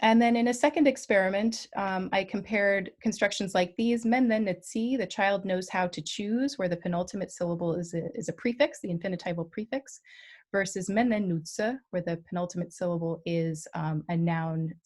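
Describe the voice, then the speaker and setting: A woman's voice: on the low side, steady tone, normal speed, darkish tone. Woman giving an academic talk, many ums. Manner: careful, many ums and self-corrections. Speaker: guest lecturer.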